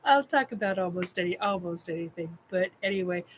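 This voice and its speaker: A woman's voice: fairly low pitch, a little fast, a little hiss or hum, poor audio. A woman hosting a casual chat show, telling a funny personal story in a candid, blunt way and laughing often. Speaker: podcast host.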